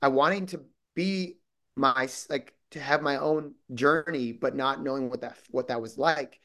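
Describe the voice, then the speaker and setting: A man's voice: medium pitch, unhurried, bright, forceful tone. Minnesota guy rambling on as an interview guest, keeps restarting, acts out little quotes, medium voice. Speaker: guest actor. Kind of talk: casual interview chat.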